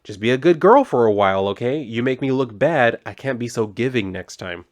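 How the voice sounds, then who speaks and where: A man's voice: mid-range voice, lively intonation, a little fast, lightly acted. A man reading the lines of an easygoing woman supervillain with a Christmas theme, teasing and offhand.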